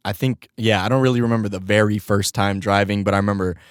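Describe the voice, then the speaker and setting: Laid-back young man, lowish dry voice. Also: fairly even intonation, quick pace, clean tone, dry recording. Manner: laid-back, profane, laughs often while telling stories. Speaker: podcast host. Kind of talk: casual solo podcast storytelling.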